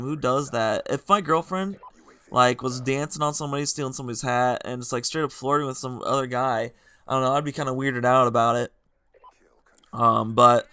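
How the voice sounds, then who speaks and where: A young man casually telling rambling, animated dating stories while he plays a video game, often laughing through them. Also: mid-range voice, clear, resonant tone. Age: young adult. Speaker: gaming vlogger. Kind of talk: casual storytelling over gameplay.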